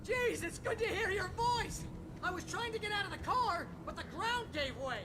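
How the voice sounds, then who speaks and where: An actor playing an excitable, loud, fast-talking male sidekick from New in a video game, speaking. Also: very high voice, loud music behind the voice. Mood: excited. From New York City.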